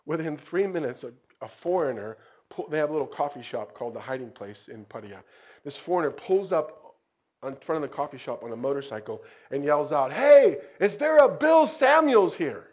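A middle-aged man, a missionary pastor, telling a story in a sermon, lively and swinging into louder bursts. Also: mid-range voice, a little fast.

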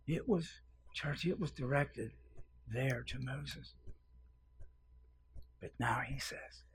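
A man preaching a sermon, dropping to hushed whispers and then rising to loud, fervent cries, repeating phrases for emphasis. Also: mid-range voice, slow pace, slightly rough.

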